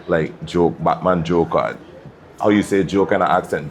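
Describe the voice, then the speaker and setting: A very low-pitched man with a Virgin Islands accent tells stories in a relaxed interview. He talks in an easy, unhurried way and keeps tagging his lines with quick check-ins to the listener. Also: slight background noise. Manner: laid-back, tags lines with "you check?", laughs often. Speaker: DJ and music producer. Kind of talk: casual interview storytelling.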